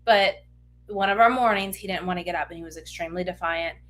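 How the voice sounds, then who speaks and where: A woman's voice: fairly low pitch, fast talker, fairly bright tone. A woman in her thirties co-hosting a podcast, talking in an earnest, reflective way with lots of "like". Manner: earnest, reflective, filler-heavy talk. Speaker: podcast co-host. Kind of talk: casual podcast chat.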